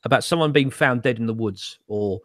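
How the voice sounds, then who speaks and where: A man's voice: mid-range voice, a little fast, no echo, studio quality. A man hosting a casual chat show over a video call, rambling, swearing and laughing at his own jokes. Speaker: host.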